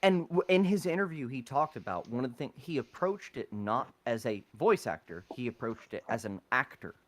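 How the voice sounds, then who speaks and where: Lively, opinionated man. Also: mid-range voice, normal speed. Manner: blunt, opinionated. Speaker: podcast co-host. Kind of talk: casual chat.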